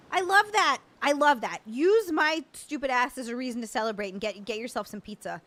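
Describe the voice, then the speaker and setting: A woman's voice: sits high, expressive, a little fast, few pauses, fairly bright tone, faint music behind. A young adult woman hosting a casual livestream chat, stammering and swearing in happy disbelief as she thanks viewers. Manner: overwhelmed, stammering, laughing and swearing. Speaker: livestream host.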